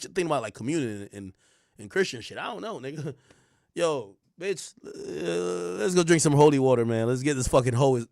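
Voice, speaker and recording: Man, livestream host, crude animated rant, high voice, swinging pitch, dry close mic. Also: creaky, dry recording. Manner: crude, animated ranting with frequent laughs. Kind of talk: casual stream commentary.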